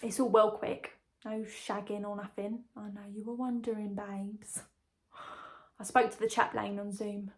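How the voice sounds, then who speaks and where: A young woman with a medium-pitched, level, natural voice, speaking a little slowly, leads a dramatic monologue. She portrays a chatty young woman engaged to a man condemned to die, breezy, confiding and full of gossip.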